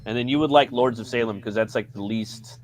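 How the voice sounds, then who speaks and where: A man's voice: medium pitch, a little fast, crowd noise. Profane rambling man chatting. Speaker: podcast co-host. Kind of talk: casual chat.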